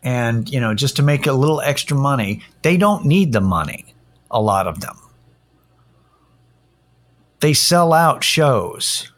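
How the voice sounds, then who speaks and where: A man's voice: mid-range voice, lively intonation, unhurried, pauses often. Give me a middle-aged man with a mid-range voice grumbling through a profane podcast rant. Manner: profane, irritated ranting. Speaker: podcast host. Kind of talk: casual solo podcast monologue. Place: Austin-area home setting.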